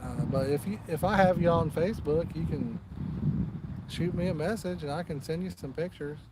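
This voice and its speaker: A man hosts a live fishing stream from outdoors, chatting easily with his viewers and answering their comments. His voice sits a touch higher than most men's, with a faint hum of the outdoors behind him. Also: normal speed. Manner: chatty, talks straight to live chat viewers. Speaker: fishing channel host. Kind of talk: casual live-stream chat.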